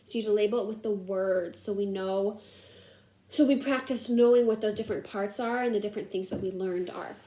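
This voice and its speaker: A woman's voice: mid-range voice, brisk, warm tone. A woman teacher giving young students an assignment in an upbeat, encouraging way. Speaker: classroom teacher. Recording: echoey room.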